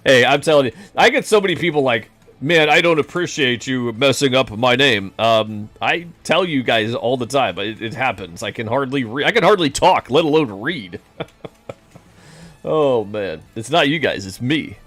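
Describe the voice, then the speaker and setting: A man's voice: medium pitch, lively intonation, moderate pace, fairly bright tone, dry recording. A man streaming a game and chatting casually with viewers, rambling and poking fun at himself. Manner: rambling, self-deprecating, jokey. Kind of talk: casual live-stream chat.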